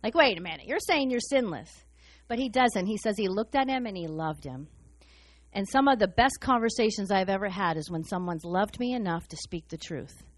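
A woman preaching a sermon in a fast, excited, humorous way. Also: medium pitch.

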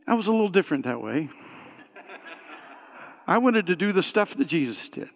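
Guy preaching, pretty high voice, telling his story all animated, kinda muffled lo-fi sound. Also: brisk, long pauses, long reverb tail. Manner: animated storytelling, rising to shouted praise. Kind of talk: sermon testimony.

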